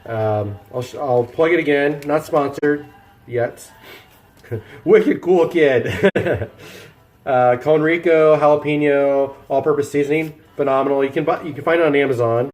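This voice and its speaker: A man's voice: fairly high pitch, normal speed, a little mellow, echoey room. Rambling man cooking on stream. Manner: rambling, self-deprecating, chats to viewers while cooking. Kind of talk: casual cooking chat with live chat. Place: home kitchen.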